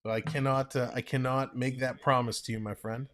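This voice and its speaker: A man's voice: little pitch movement, fairly quick, fairly bright tone. Guy streaming baseball play-by-play, chats w viewers, regular mid voice. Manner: chatty, reads viewer comments aloud between pitches. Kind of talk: casual play-by-play with chat reading.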